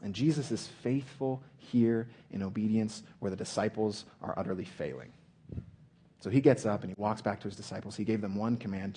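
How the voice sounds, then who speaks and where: A man preaching a sermon, earnest, often slowing and dropping to a hush for emphasis. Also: lowish voice, husky.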